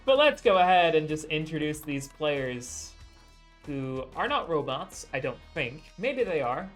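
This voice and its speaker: A man's voice: a little high, big pitch swings, unhurried, faint music behind. A man commentating a live esports match, introducing the players with a joking, self-deprecating manner and announcer-style hype.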